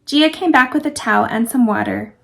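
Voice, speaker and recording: A woman author reading a chapter of her novel aloud in a clear, measured storytelling manner. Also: fairly high pitch, a bit bright. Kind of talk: audiobook-style novel reading.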